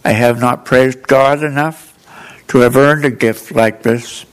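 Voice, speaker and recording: A man with an audible speech defect reading aloud in church, telling a story in an earnest, gently humorous way. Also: mid-range voice, steady tone, unhurried, smooth, rough recording. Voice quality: altered articulation from a speech defect. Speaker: lay reader in church.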